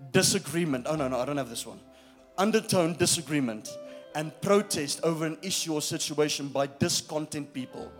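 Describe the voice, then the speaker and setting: Man preaching with emphatic buildups. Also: fairly high pitch. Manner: emphatic preaching that checks in with the congregation. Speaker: pastor. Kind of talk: sermon.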